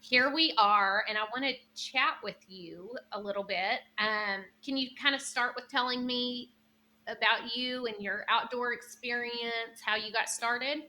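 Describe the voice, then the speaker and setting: Chatty young woman podcast host, higher pitch, bright and animated. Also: unhurried. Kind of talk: casual podcast interview.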